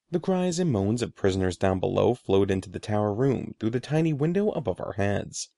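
A man narrating a children's story with expressive storytelling on a close mic. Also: medium pitch, gravelly, no echo. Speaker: audiobook narrator. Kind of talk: scripted narration.

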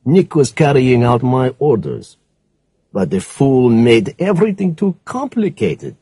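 A male reader voicing a cold, tired female crime boss in an audiobook, speaking in a low, contemptuous way. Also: big pitch swings, a little slow, mellow, slightly rough, dry recording. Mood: weary, scornful.

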